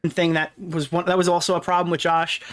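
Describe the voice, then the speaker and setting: A man's voice: a little high, level tone, brisk, a bit bright. A man in a played clip giving a defensive monologue. He sounds aggrieved and argumentative, stopping often on fillers.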